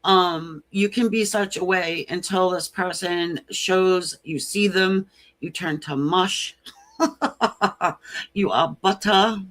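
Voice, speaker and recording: A woman tarot reader talking to her live-stream viewers in an unhurried, drawn-out way. She is chatty and frank and breaks into laughter between her points. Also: lowish voice, a bit bright. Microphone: computer mic on a live stream.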